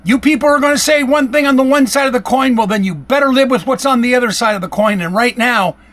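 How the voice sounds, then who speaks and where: A man with a strikingly high-pitched voice rants to his own camera. He yells in hot bursts and hammers his accusations over and over. He talks in the heated way of a vlogger venting. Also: quick pace. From Michigan, USA. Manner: heated, yelling, accusatory, repetitive. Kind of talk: angry political rant to camera. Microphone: camera-facing, self-recorded.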